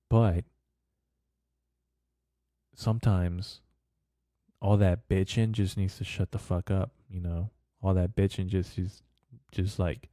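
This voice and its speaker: Low, dark-voiced man ranting casually. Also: no room sound, clean studio sound. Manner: profane, rambling, bro-speak. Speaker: podcast host. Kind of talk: casual rambling monologue.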